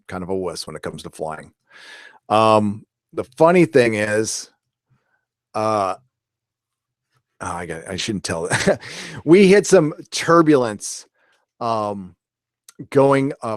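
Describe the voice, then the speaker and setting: A man's voice: medium pitch, dry recording, studio quality. A man hosting a casual pop culture livestream, talking in a rambling, chatty way and cursing freely. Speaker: pop culture show host.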